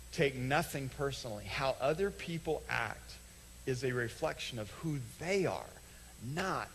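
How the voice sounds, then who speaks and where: A pastor preaches to his church in a relaxed, conversational way, slipping into little quoted back-and-forths and then slowing right down to land a point. His voice sits in an ordinary middle pitch for a man. A faint hum runs under the stage microphone. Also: poor audio. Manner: conversational, acts out little quoted dialogues, slows for emphasis. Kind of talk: sermon. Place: church sanctuary.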